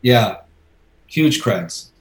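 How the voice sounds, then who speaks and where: Middle-aged man, comic book artist, animated anecdote-teller, mid-pitched voice, casual chat, acts out voices as he talks. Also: drawn-out words, crowd noise. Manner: animated storyteller, acting out voices.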